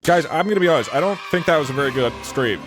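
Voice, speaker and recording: A man in his thirties hosting a live stream, excitable and mock-incredulous, laughing often. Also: fairly high pitch, very fast, loud music behind the voice. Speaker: streamer host. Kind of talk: casual live-stream chat.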